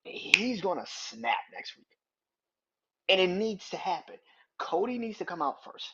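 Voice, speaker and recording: Male podcast host, husky and animated, casual profane commentary, lo-fi recording. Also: high voice, normal speed. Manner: animated, swears freely, acts out quotes. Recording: dull lo-fi recording.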